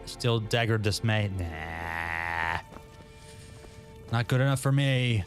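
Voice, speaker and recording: A gaming channel host with a lowish voice talks slowly over soft background music, giving casual commentary as he plays and mostly talking to himself. He's chatty and self-mocking, laughing at his own misreads.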